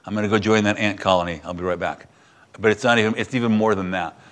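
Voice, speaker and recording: A man delivers a sermon, retelling scripture in an animated storytelling manner. He slips into different voices for the characters as he goes. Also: on the low side, quick pace. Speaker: pastor.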